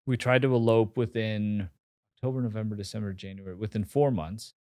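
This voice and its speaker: A man's voice: on the low side, fairly even intonation, brisk, mellow, dry recording. Candid man in his forties, dry close sound. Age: 40s. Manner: candid, swears freely, laughs at himself, many fillers and restarts. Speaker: interview guest. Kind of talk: casual interview storytelling.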